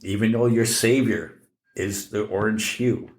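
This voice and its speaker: A man's voice: lowish voice, steady tone, unhurried, a little mellow. Blunt, roomy-sounding male podcast host. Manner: blunt, profane, repeats words. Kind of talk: casual chat. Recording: roomy echo.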